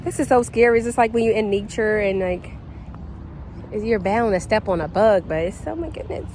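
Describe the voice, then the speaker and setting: A woman talking casually to her phone camera in a vlog, excitable and chatty, full of fillers. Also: medium pitch, moderate pace, low-quality recording. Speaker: vlogger. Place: outdoors, then a station café and shops. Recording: outdoor noise behind the voice.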